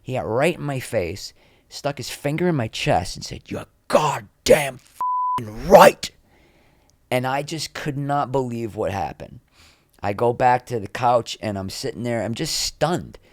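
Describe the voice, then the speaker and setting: The clean studio recording, free of room sound, features a middle-aged actor speaking at a moderate pace in a mid-range voice. A podcast guest, he animatedly shares candid behind-the-scenes stories and acts out what others said.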